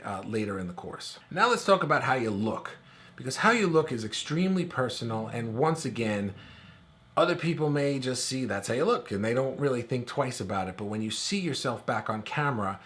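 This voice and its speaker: A middle-aged man teaching a recorded course lesson in a relaxed, conversational way, with filler words. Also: medium pitch. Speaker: course instructor.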